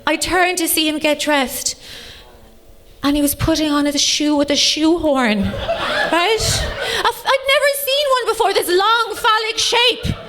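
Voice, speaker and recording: High-voiced Irish woman doing stand-up. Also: measured pace, slight background noise. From Ireland. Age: late 30s. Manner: bawdy, deadpan punchlines, teasing the crowd. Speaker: stand-up comedian. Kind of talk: stand-up comedy set. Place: comedy club stage before a live audience.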